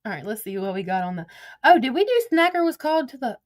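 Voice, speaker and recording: A woman hosting a casual livestream, chatty and profane, quick to get heated. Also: on the high side, big pitch swings. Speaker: livestream host.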